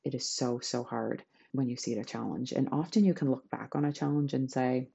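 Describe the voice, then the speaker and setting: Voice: medium pitch, steady tone, fairly quick, gravelly, warm tone, breathy edge, dull audio. A podcast host giving a chatty, enthusiastic self-help talk to listeners.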